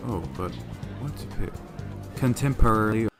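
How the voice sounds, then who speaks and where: A man voices an aloof young art student who speaks formally and with measured pomp. His voice sits low in this fan-made anime parody dub. Background music plays beneath him. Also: natural voice. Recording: music playing underneath.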